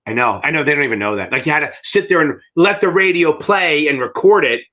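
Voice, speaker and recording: A middle-aged American man with a fairly high-pitched voice runs a live exam-prep Q&A. He talks bluntly and rambles, swearing often as he answers questions. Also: animated, fast talker, bright, forceful tone. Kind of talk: live Q&A teaching.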